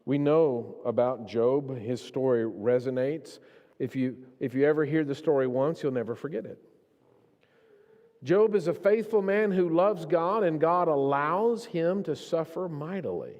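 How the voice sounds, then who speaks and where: Guy preaching a sermon, goes quiet then gets all fired up, church hall echo trailing off. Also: mid-range voice, lo-fi sound. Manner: impassioned, swings from hushed to raised. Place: church sanctuary. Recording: long reverb of a church hall.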